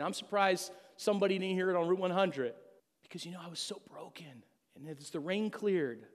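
A middle-aged man giving an earnest, emotional personal testimony to a church congregation. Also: fairly high pitch. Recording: long hall reverb.

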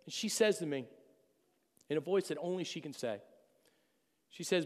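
A man's voice: mid-range voice, a little fast, pauses often. A middle-aged man giving an earnest, emotional personal testimony to a church congregation. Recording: long hall reverb.

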